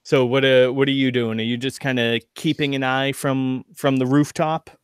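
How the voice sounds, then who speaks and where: A man's voice: medium pitch, moderate pace, clean tone, no echo. Male game master, easygoing filler-heavy narration, close dry recording. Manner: relaxed, filler-heavy narration with frequent laughs.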